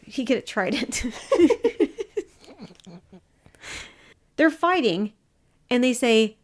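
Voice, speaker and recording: A woman co-hosting a podcast, sarcastic and quick to argue. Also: a little high, very animated. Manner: sarcastic, argumentative. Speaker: podcast co-host. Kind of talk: casual chat.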